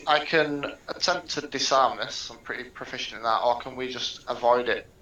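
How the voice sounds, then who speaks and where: A man's voice: mid-range voice, steady tone, moderate pace, pushed and bright. A man playing in a tabletop game, chatting in an easygoing, practical way about how his character proceeds. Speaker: player. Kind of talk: casual tabletop game talk. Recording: very echoey room, far from the mic.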